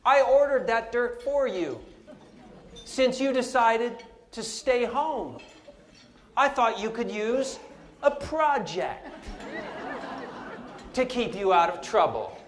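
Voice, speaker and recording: A woman's voice: fairly high pitch, very animated, slow, pauses often, voice pushed up. A man quoting a stern, bossy mother. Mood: stern, commanding. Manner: firm, bossy orders. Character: stern, scheming mother of a young teen boy. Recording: roomy hall with music behind.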